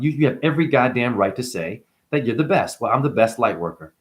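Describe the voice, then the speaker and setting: This man casts himself as a spiritual guru, addressing the camera directly in a boastful, rambling way that leaps between outbursts and mumbled asides. He talks fast in a mid-range voice with lively intonation.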